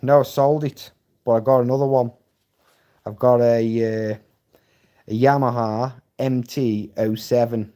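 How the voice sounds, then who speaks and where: A man's voice: medium pitch, flat delivery, moderate pace, warm tone. A Scottish man chatting casually on a live stream, rambling and swearing bluntly as he reads and answers viewer comments. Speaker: livestreamer.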